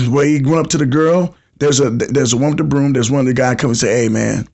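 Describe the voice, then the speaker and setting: A man's voice: mid-range voice, fairly even intonation, fast, darkish tone. A man in his fifties hosting a casual call-in podcast, telling stories in heavy slang and acting out the people he quotes. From United States. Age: 50s. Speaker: podcast host.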